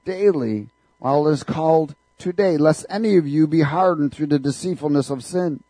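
A man's voice: a little high, expressive, unhurried, mellow, no echo, poor audio. A man preaching a fervent sermon in a church, calling out questions for the congregation to answer back. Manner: fervent, call-and-response preaching.

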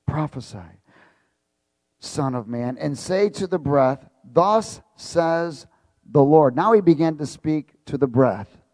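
Male preacher, sermon, slow deliberate delivery, dry close sound, quizzes the congregation. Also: medium pitch, lively intonation, darkish tone, dry recording. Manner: reads scripture aloud, stops to quiz the congregation; emphatic, repeats key words. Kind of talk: sermon with call-and-response.

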